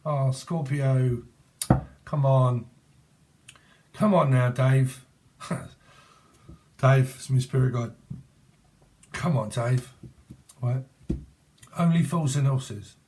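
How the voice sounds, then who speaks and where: A man's voice: mid-range voice, measured pace, gravelly, long pauses, a little mellow. A British man in his forties giving a casual, rambling tarot reading, joking, swearing and punning as he goes. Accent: British English. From Britain. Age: 40s. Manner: rambling, jokey, free-associating wordplay; laughs often and swears casually. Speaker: tarot reader.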